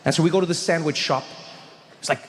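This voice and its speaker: A man's voice: fairly high pitch, fairly even intonation, quick pace, a bit bright, in a large hall. A man from South Africa doing stand-up comedy, telling a story with lots of voices.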